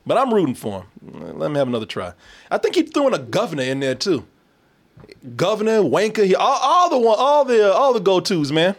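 Animated, cussing male podcast host. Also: sits high, fast talker. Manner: loose, profane, laughs often. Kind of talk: casual chat.

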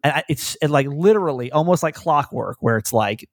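A man hosting a podcast, talking in a rambling, self-deprecating way and telling animated stories. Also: a little high, brisk, no echo, studio quality. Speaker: podcast host. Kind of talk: casual podcast chat.

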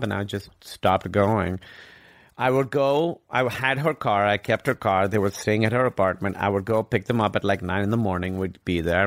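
A man guest in an interview, telling a personal story in an earnest, reflective way with halting restarts. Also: on the low side, no echo, clean studio sound.

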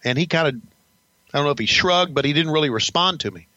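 A man's voice: a little high, animated, fast talker, pushed and bright, dry recording, dull audio. An older man, a podcast host, telling stories about his career in a blunt, profane, rambling casual way. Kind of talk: casual storytelling.

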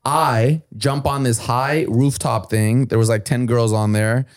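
Animated man telling a story. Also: medium pitch, measured pace. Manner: animated, acts out other people's lines; profane, blunt. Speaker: podcast guest. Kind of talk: casual storytelling.

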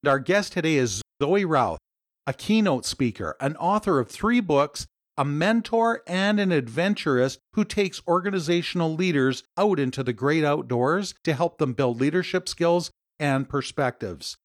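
A man's voice: a little high, expressive, normal speed, no echo, studio quality. A Canadian man hosting a podcast interview, telling a personal story and welcoming his guest. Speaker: podcast host.

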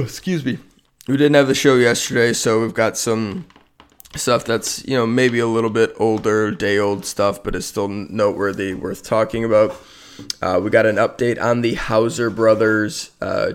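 A man with a lowish, clean-toned voice hosts a sports podcast by himself. His talk is casual and packed with fillers, a tired, yawning ramble full of self-deprecation.

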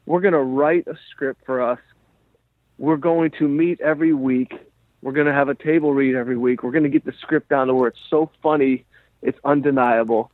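A male comedian and podcast host telling a story in a rambling, animated way, full of "like" and "you know". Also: medium pitch, dry recording. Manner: rambling, animated, heavy use of "like". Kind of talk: casual storytelling chat. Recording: dry tinny phone-like sound.

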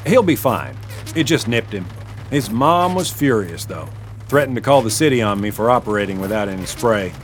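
A man's voice: on the low side, lively intonation, normal speed, faint music behind, close to an everyday voice. A man voicing a casual, joking exterminator talking on the phone. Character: easygoing male pest exterminator.

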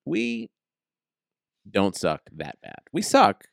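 A man's voice: fairly low pitch, wildly swooping pitch, slow pace, gravelly, dry recording, studio quality. A man co-hosting a podcast, chatting casually with sarcastic jokes. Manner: sarcastic, joking. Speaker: podcast co-host. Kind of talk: casual chat.

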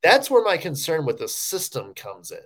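Lively man breaking down hockey play. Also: a little high, moderate pace. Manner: lively, joking analysis with many "you know" fillers. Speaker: podcast co-host. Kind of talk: casual sports podcast chat.

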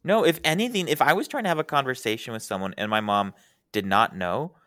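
A man's voice: medium pitch, fast talker, fairly bright tone, no echo, studio quality. A young man guesting on a podcast, chatting casually and animatedly, laughing easily. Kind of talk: casual chat.

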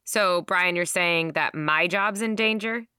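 A woman hosting a conversational news podcast, asking questions in a lively, bantering way. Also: on the low side, a little slow, clean tone, dry recording, studio quality. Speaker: host.

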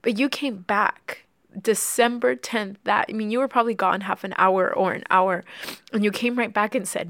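Candid and openly emotional, a female podcast co-host talks through her own story in personal conversation. She has a medium pitch, speaks at normal speed, and her tone is fairly bright. There is no echo.

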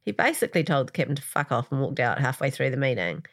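A woman co-hosting a casual recap chat, joking and rambling through animated tangents. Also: very deep voice, quick pace. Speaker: podcast co-host.

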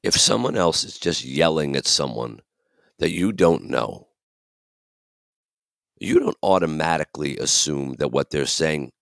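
A man with a deep, gravelly voice hosts a reflective podcast. He talks earnestly and with emphasis, acting out the voices he quotes. The sound is close and dry. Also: expressive, measured pace, long pauses, fairly bright tone, dry recording. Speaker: podcast host.

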